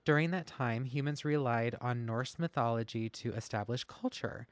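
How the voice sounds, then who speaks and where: A man's voice: medium pitch, moderate pace, clean tone, dry recording. Podcast co-host, male, casual and self-mocking, dry close sound. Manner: self-deprecating, laughs often. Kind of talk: casual podcast chat, reading notes aloud. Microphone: masked while recording.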